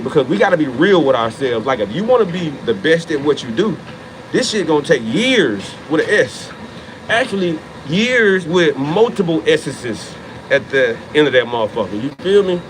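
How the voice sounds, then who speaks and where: A man's voice: a little high, noisy background. A man in his thirties giving a profane, emphatic motivational talk about training, repeating key lines for effect. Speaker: fitness motivator. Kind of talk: motivational monologue.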